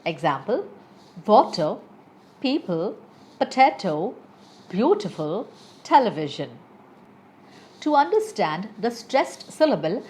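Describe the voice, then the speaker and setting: A woman teaching English pronunciation, reading word lists slowly and stressing syllables deliberately. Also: medium pitch. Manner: reads word lists aloud with exaggerated stress. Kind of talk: slow, deliberate pronunciation lesson.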